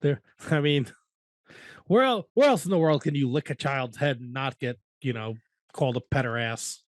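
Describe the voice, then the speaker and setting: A man's voice: medium pitch, normal speed, no echo, clean studio sound. A man co-hosting a podcast in casual chat, cracking jokes and swearing freely. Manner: profane, wisecracking banter. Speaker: podcast co-host.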